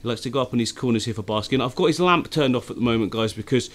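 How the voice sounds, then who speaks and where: A man hosting a fishkeeping vlog from his home tank studio, chatting eagerly to camera with frequent laughs, his voice deeper from the early morning. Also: very fast. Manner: chatty and enthusiastic, laughs often. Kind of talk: casual chat to camera.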